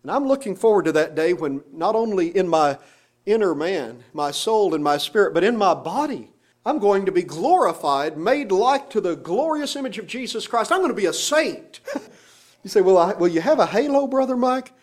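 High-voiced man preaching a sermon. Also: sing-song, moderate pace. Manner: preaching with rising emphasis and rhetorical questions. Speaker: pastor.

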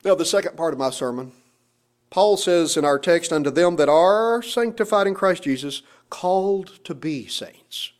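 A man's voice: a little high, lively intonation, normal speed. A middle-aged man, a pastor, preaching a sermon with rising emphasis and pointed rhetorical questions.

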